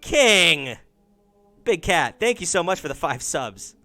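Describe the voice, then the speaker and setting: Lively male streamer chatting casually. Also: a little high, normal speed, soft background music. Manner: animated, thanks viewers, swears casually. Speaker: streamer hosting a dating call-in show. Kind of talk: casual live-stream chat.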